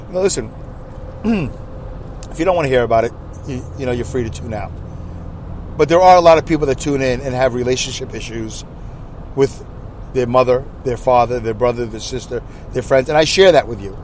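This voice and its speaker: A man's voice: medium pitch, a little mellow, slight background noise. A man in his fifties hosting a solo podcast, rambling through a self-deprecating, emotional rant. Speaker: podcast host.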